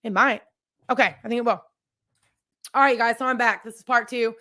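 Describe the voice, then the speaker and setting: Woman podcast host, slightly high voice, candid and rambling, talks straight to her listeners. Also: fairly even intonation, brisk, bright, forceful tone. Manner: candid, chatty, addresses listeners directly; rambling with frequent restarts and asides. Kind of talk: personal storytelling, casual chat.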